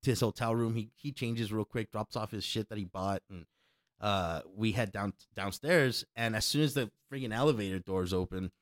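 A man's voice: on the low side, normal speed, no room sound. Profane storytelling man, dry close sound. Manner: profane, animated, acts out quotes loudly. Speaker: DJ telling a story. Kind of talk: casual storytelling chat.

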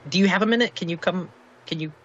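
A man's voice: sits high, quick pace, fairly bright tone, voice pushed up. A man voicing a timid, overwhelmed young girl who stammers and halts nervously. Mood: timid, flustered. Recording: muffled, dull audio.

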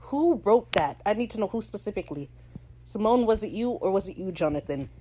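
A woman hosting a podcast, chatting casually in a slangy, animated way and acting out characters' lines as she recaps a show. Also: mid-range voice, a little fast, slight background noise. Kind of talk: casual chat.

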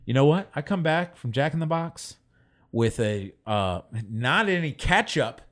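Animated man telling stories on a podcast. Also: a little high, a little slow. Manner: animated storyteller, acts out people he quotes. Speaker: podcast co-host. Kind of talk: casual chat.

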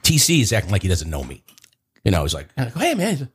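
A man's voice: sits low, quick pace, slightly rough. A man, telling a story in casual chat as host and acting out quotes in a raised voice. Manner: animated, acts out quotes in a raised voice.

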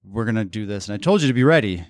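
A man's voice: lowish voice, expressive, racing, no echo, studio quality. A man hosting a casual podcast chat, joking and teasing, rambling a bit as he talks. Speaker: podcast host.

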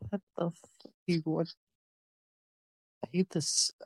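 A man's voice: on the high side, little pitch movement, takes it slowly, dry recording. A man in a casual podcast chat, exasperated and swearing often.

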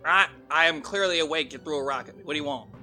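Joking sarcastic man player, loud, very bright and sharp voice. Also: fairly high pitch, fast, faint music behind. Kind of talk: casual tabletop play.

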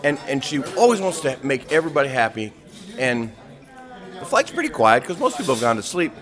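A man's voice: mid-range voice, fairly quick. A man telling a story a flight attendant friend passed on to him, acting out the people in it. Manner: animated, acts out the people in the story. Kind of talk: casual storytelling.

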